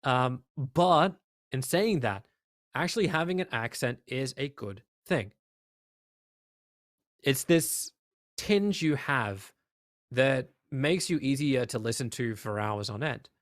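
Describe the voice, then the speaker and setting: A man with an Australian accent, an esports caster chatting as a guest in an interview, emphatic and lively with lots of fillers. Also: mid-range voice, slow pace, pauses often, no echo, studio quality. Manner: animated, emphatic, many fillers. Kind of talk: casual interview chat.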